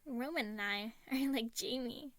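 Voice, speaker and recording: A woman's voice: fairly high pitch, a little slow, a bit bright, no echo. Woman voicing a chaotic joking twin boy. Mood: playful.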